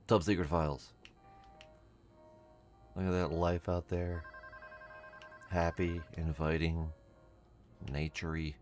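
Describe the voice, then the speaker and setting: A man with a very low voice talks through a game at an unhurried pace. He gives wry, mumbled running commentary and reads the on-screen text aloud. Faint music plays underneath. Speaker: streamer. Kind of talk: casual gameplay commentary.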